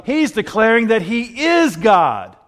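A man preaching a sermon in a conversational way, asking rhetorical questions and swinging between loud and hushed delivery. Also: very high-pitched, very animated, slow, in a large hall. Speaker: pastor.

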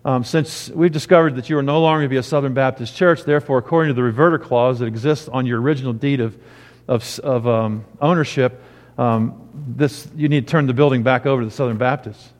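A man's voice: mid-range voice, fairly even intonation, brisk. A man preaching a sermon as pastor, telling a personal story and rising into emphatic preaching. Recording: long hall reverb.

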